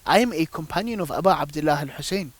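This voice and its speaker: Fast and expressive, his fairly high-pitched voice comes through with no room sound. The man is a guest on a religious panel who tells devotional stories emphatically, leaning on rhetorical questions as he discusses religion through stories.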